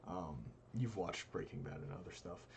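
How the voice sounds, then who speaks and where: A man's voice: normal speed, creaky, crowd noise. A young man, co-host of a live stream, casually telling a personal story and acting out his friends' lines. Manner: animated, voices quoted friends with big jumps in pitch.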